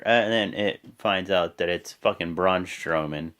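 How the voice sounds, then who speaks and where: A man giving a casual, rambling recap of a wrestling show, excitable and swearing freely. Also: lowish voice, measured pace.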